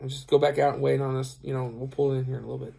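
Playing both parts of an exchange he's recounting, this weary trucker rambles through a story for his vlog, stuffed with filler words. The voice is mid-range and gravelly yet mellow, with little pitch movement, and it comes out rapid-fire.

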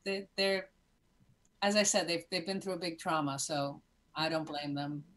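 A Cuban American woman in her fifties, a podcast guest in casual chat, telling animated stories with many restarts. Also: sits low, moderate pace. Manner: animated storyteller with many restarts and acted-out moments.

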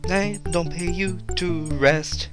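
A man's voice: high voice, steady tone, takes it slowly, music in the background, pitched above the performer's own voice. A man doing a bossy stable master. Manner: bossy, curt.

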